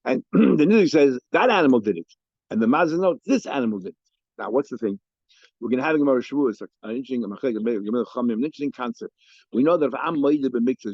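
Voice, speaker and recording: A man's voice: medium pitch, darkish tone, no echo, dull audio. A man teaching a Talmud lesson, explaining cases with frequent restarts and Hebrew and Aramaic terms.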